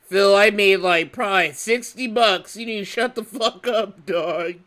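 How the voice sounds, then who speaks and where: A man's voice: high voice, unhurried, hardly any pauses, sharp tone. A drunk man hosting a reaction livestream, laughing hard and swearing between breathless exclamations. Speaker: livestream host.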